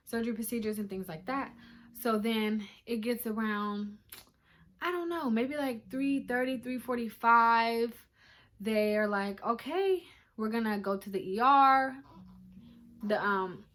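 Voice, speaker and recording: A woman's voice: mid-range voice, a little hiss or hum. A young woman casually telling her birth story to viewers, chatty and emotional, recorded on a phone at home. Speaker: vlogger. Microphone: phone camera.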